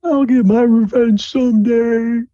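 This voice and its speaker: A man's voice: fairly high pitch, huge pitch swings, slow pace, darkish tone, husky, dry recording, dull audio, voice pushed up, heavily acted. A man doing a whiny, beaten bully. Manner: whiny, stammering.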